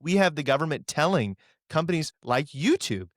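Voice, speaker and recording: A man's voice: fairly high pitch, sing-song, moderate pace, no room sound, clean studio sound. A man co-hosting a political commentary show, talking in a sarcastic, indignant way.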